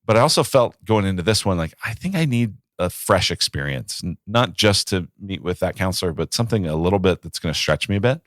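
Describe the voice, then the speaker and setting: Deep-voiced man, pastor, casual podcast talk, reflective storyteller, dry close recording. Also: lively intonation, fairly quick, hardly any pauses, no echo. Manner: reflective, storytelling with acted quotes.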